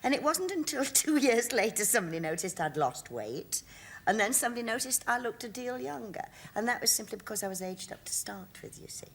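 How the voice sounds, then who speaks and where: A woman's voice: on the high side, sing-song, brisk, vocal fry. A woman in her sixties, a guest on a TV talk show, telling stories in a chatty way and laughing often. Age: 60s. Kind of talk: casual chat. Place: TV studio.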